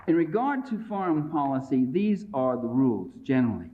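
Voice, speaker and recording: A man's voice: a little high, big pitch swings, fairly quick, hardly any pauses. A middle-aged man giving a public lecture in a combative, emphatic and sarcastic way, recorded on an old tape. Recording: dull lo-fi 1980s lecture tape.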